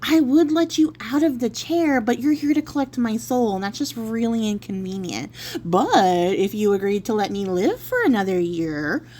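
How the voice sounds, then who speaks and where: A woman's voice: fairly high pitch, moderate pace, warm tone, lightly acted. A woman voicing Stingy Jack, a crafty old man who talks in a falsely sweet, sly way.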